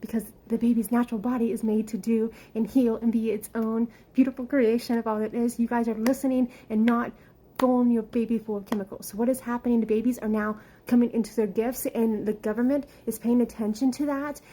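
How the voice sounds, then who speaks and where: A woman talks through her spiritual visions in a casual, meandering way, leaning on fillers as she goes. Her voice sits a little high yet sounds mellow and soft. She speaks with heartfelt earnestness and is at times near tears. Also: little pitch movement, a little fast, low-quality recording. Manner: rambling, earnest, many fillers; emotional, close to tears at times. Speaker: spiritual channel.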